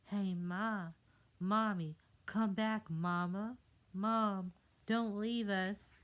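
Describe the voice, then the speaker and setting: A woman voicing a group of clingy little tadpoles, calling out in high pleading cries. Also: fairly even intonation, drawn-out words, a bit bright, dull audio.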